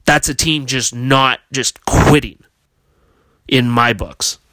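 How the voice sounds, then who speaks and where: A man's voice: medium pitch, slow, pushed and bright, dry recording. A man hosting a hockey podcast, ranting in a heated, profane, casual way. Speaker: podcast host.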